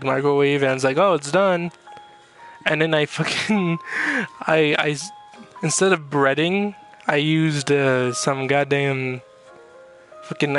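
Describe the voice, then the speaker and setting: A young man with a slightly high voice talks through a casual vlog, rambling, swearing freely and laughing at his own stories. Faint music plays underneath. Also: a bit bright. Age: young adult. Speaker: vlogger. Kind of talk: casual chat reacting to chat messages.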